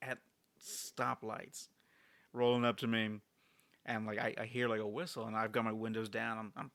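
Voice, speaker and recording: A man co-hosting a podcast, telling an animated story in a casual chat full of fillers. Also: mid-range voice, dry recording. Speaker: podcast co-host.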